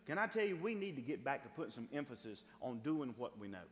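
A male pastor preaches a sermon very animatedly and fast, reading scripture and hammering points home by repeating phrases to the congregation, addressing the brethren. His mid-range voice is a bit bright, with a big-room sound.

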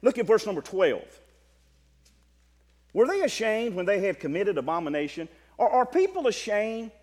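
Man, Baptist preacher, sermon, high voice, lively pitch, stammering repeats. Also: moderate pace, in a large hall. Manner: preaching, swings from quiet asides to loud exclaiming, repeats words.

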